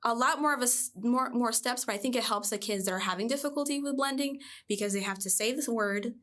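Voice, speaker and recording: A woman in her thirties, a reading coach, chatting in a podcast interview and telling stories with a lively, expressive voice. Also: a little high, fast. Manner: animated storyteller, lively voice jumps.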